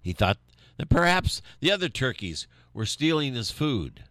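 A man reading a children's story aloud with animated, lively storytelling. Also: medium pitch, moderate pace, dry recording, studio quality.

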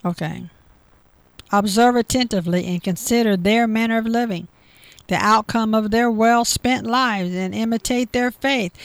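A woman's voice: mid-range voice, no echo. A woman giving a devotional talk, reading Bible verses aloud and then explaining them with repeated phrases. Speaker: Bible teacher.

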